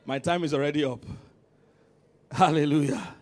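A man preaching as senior pastor in a church, swinging from loud calls to quiet emphasis and asking the congregation to respond. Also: a little high, fairly even intonation, moderate pace. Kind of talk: sermon.

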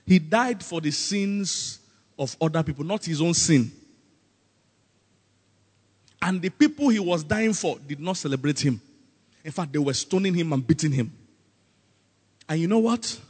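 Animated Nigerian pastor preaching in a hall. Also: male voice, on the high side, moderate pace, slightly rough. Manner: animated preaching with comic put-on voices. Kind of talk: sermon.

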